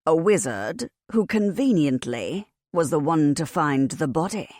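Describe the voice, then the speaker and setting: A woman puts on a stern, self-important male inquisitor from a fantasy audiobook. He speaks with slow, clipped authority that sounds like an accusation, in a lowish voice. The sound is close and dry. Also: animated, darkish tone, no echo.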